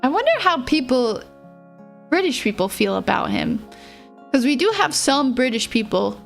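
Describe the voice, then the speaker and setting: Speaking at a moderate pace, this young woman has a high, very animated voice with vocal fry. She's streaming casually over faint background music, giggly and rambling, putting herself down and mumbling a little.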